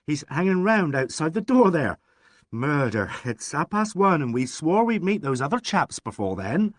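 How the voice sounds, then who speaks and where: An eager, theatrical young man, as a male narrator plays him, talking a little higher than his usual voice with hearty gusto. His speech rises and falls in animated swings. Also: normal speed, no echo, clean studio sound. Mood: excited. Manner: hearty and gushing.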